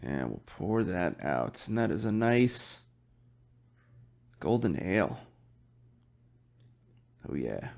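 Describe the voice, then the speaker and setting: A man's voice: low-pitched, sing-song, takes it slowly, vocal fry, long pauses, darkish tone. A young man hosting his own podcast, chatting casually and rambling while he drinks beer, swearing often and yawning. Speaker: podcast host.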